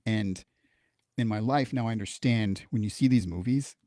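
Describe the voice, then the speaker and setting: A man with a somewhat low voice tells a story from his service as a guest on a talk show. He swears freely and acts out the people in it. The sound is dry and close. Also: normal speed, dry recording. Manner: profane, animated, acts out quoted dialogue. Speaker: guest, military veteran. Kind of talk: casual storytelling in a podcast interview.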